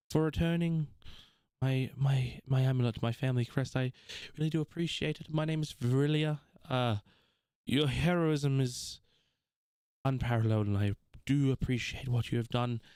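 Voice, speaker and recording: A man voicing a young high elf princess who speaks formally and gratefully. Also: moderate pace, a little mellow, smooth, dry recording, studio quality, close to an everyday voice.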